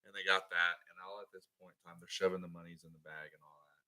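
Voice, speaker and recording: A man's voice: deep voice, fairly even intonation, quick pace, pushed and bright. A man co-hosting a podcast, casually recapping a film, swearing freely and acting out characters' lines in put-on voices. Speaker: podcast co-host.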